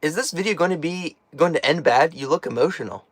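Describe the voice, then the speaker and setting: A man with a slightly high, expressive voice speaks briskly, with no echo, his voice cracking now and then. He hosts a casual live stream from inside a small tiny house, reading chat questions, joking and laughing often.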